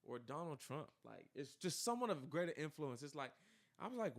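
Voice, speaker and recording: Gravelly-voiced man telling a lively story. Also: fairly high pitch, fairly quick. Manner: animated, acts out quoted dialogue, many fillers. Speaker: podcast co-host telling his story. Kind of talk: casual storytelling chat.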